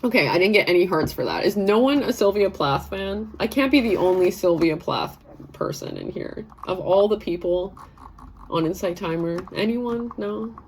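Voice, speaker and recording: A woman's voice: medium pitch, animated, normal speed, slight background noise. A woman in her thirties hosting a live stream, chatting casually and rambling, laughing often and reading viewer comments aloud. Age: 30s. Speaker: live session host.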